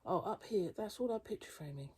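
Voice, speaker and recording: A woman's voice: fairly low pitch, animated, a little fast, slightly rough, dry recording. A woman giving a casual, half-whispered vlog tour of her garden and cupboard early in the morning. She chats fondly as she walks, sometimes talking to her cat, with the camera held in her hand. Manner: hushed, half-whispering chatter; chatty and fond, talking to the cat. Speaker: quilting vlogger. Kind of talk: casual vlog walk-around. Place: outdoor garden, then an indoor cupboard. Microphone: handheld phone camera. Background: birdsong and distant traffic.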